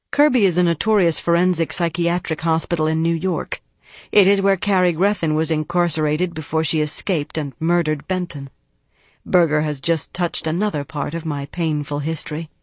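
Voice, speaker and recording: A woman's voice: deep voice, fairly even intonation, normal speed, darkish tone, no room sound. A woman reading a first-person audiobook narration in a weary, subdued, inward way.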